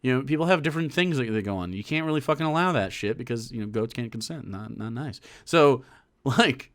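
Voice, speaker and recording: A man's voice: medium pitch, animated, a little fast, fairly bright tone. A young man reacting to a video on stream, with casual, profane commentary and laughing asides.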